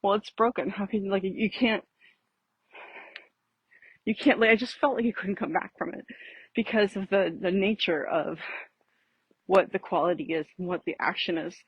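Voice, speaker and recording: A woman with a husky, slightly breathy voice, winded from walking uphill. She rambles and restarts with frequent laughs, recorded dry and close on a phone outdoors. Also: medium pitch, steady tone, normal speed, pauses often, no room sound, dull audio. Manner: rambling, self-interrupting, laughing often. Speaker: vlogger. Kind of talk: casual reflective talk while walking. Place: outdoors on a street.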